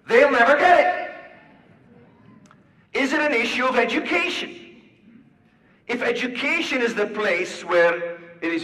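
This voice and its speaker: High bright-voiced male lecturer. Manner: animated, rhetorical questions, acts out dialogue. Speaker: public speaker. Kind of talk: lecture with storytelling. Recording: echoey hall from far off.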